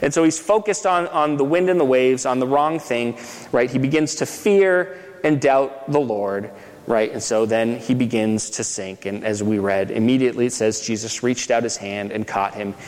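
A man's voice: mid-range voice, moderate pace, darkish tone, big-room sound. A man preaching a sermon in a conversational way, often checking in with "right?" and restarting his phrases. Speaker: pastor.

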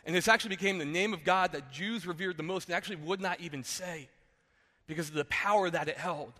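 Male preacher, conversational sermon, bright and a bit high, long hall reverb. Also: fast talker. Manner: conversational, often says "like" and restarts. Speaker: pastor.

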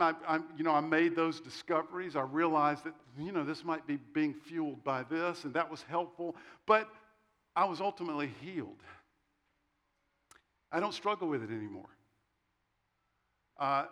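A man's voice: on the high side, fairly bright tone. A middle-aged man giving a sermon, telling a personal story with self-deprecating humor and quoted dialogue. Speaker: pastor.

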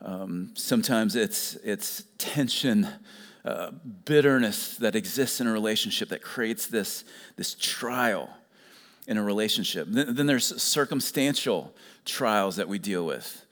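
A man's voice: lowish voice, unhurried, fairly bright tone, long reverb tail. A man preaching a sermon as pastor, earnest and emphatic, stressing the key phrases again and again.

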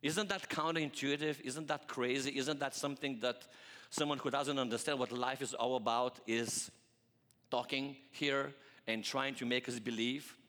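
A male pastor preaching a sermon, animated and full of rhetorical questions aimed at the congregation. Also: mid-range voice, moderate pace, long reverb tail.

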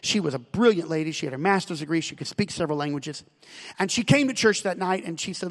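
American man, pastor, high voice, storytelling sermon, long church-hall reverb. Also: animated, fast. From United States. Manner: storytelling, rising to loud emphatic preaching. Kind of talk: sermon with personal stories.

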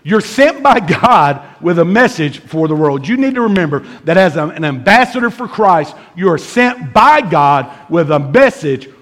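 A middle-aged man preaching a sermon, telling a comic story with animated shouts and laughs before moving into his teaching. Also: high-pitched, moderate pace, hardly any pauses. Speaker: pastor.

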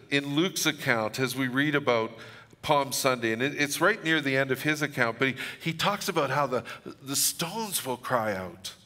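A man's voice: mid-range voice, pushed and bright, big-room sound. A middle-aged man preaching a sermon, telling stories with humor and reading scripture dramatically. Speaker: pastor.

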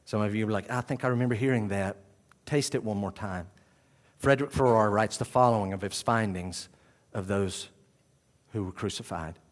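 A man preaching a sermon as pastor, swinging from quiet, low passages to loud, raised exclamations. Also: moderate pace.

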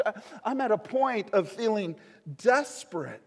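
High-voiced pastor preaching in a reverberant hall. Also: male voice, expressive, moderate pace, breathy edge. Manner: swings from loud pleading to hushed storytelling. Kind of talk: sermon.

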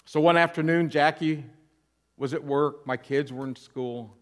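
A man, an interim pastor, giving a personal testimony sermon with candid storytelling, earnest and self-deprecating. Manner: earnest, softening low at emotional points.

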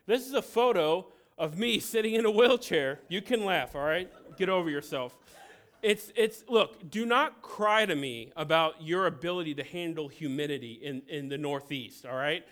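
A man in his thirties from the American Midwest giving a conversational, joking sermon with animated storytelling. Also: fairly high pitch, moderate pace. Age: 30s. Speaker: pastor.

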